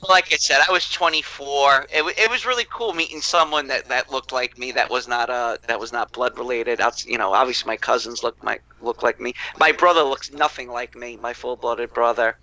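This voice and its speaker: A man hosting a casual podcast chat, who tells stories in an animated way and swears freely. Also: mid-range voice, fairly quick, hardly any pauses, rough recording. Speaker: podcast host.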